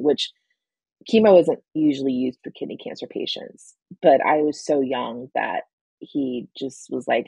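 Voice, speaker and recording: A woman in her forties tells her story in an earnest, halting way, close to tears. Her voice is low, dark and gravelly, and very husky. The sound is dry and close. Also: expressive, dry recording, rough recording. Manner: earnest, emotional, halting with restarts and fillers. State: emotional, near tears. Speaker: cancer patient telling her story. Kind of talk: personal interview storytelling.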